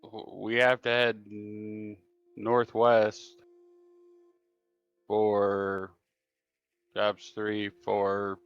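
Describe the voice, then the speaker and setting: Slow-talking male player, dull sound. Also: fairly low pitch, completely flat delivery, clean tone, no echo, soft background music. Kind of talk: tabletop game play.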